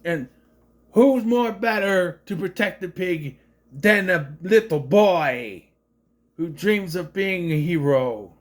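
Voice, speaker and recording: A man in his thirties giving a rambling, sarcastic review of an animated film in a casual monologue. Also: high-pitched, slow. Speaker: movie reviewer.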